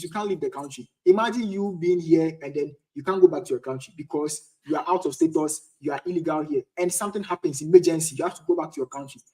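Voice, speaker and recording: A man's voice: high voice, dark tone. A young Ghanaian man in his twenties hosting a casual livestream chat and answering viewers' questions. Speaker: livestream host. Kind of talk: casual live-stream chat.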